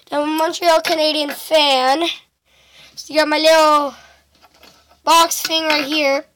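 A woman chatting excitedly in a casual home vlog, giggling and exclaiming as she shows off her things to a handheld camera. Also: high-pitched, a little hiss or hum. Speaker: vlogger. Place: at home indoors.

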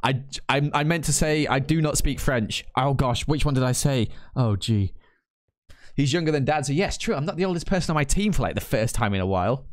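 A man's voice: mid-range voice, animated. A man of twenty-nine from northern England, with a northern English accent, chatting casually on a live stream and reading out chat. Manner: chatty, rambling, quick to laugh.

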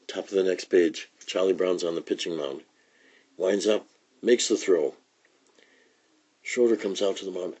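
A man reads a comic book aloud for young children in a relaxed storytelling manner. His voice is low and deep, with a husky grain. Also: a little slow, long pauses. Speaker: reader. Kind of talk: children's read-aloud narration.

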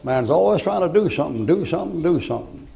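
A man's voice: fairly high pitch, expressive, quick pace, creaky, music in the background. An older man preaching a folksy, joking sermon, rambling through homespun stories.

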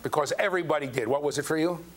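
In a lecture hall with faint hum and background noise, an older man speaks very fast in a higher-than-average voice. He animates his stories for the university class, acts out the quotes, and regularly checks in by putting questions to the students.

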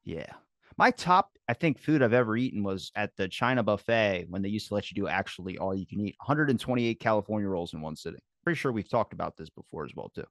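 Young man, twenties, animated storyteller, casual swearing, very expressive pitch, dry sound. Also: fast talker, no room sound. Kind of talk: casual chat.

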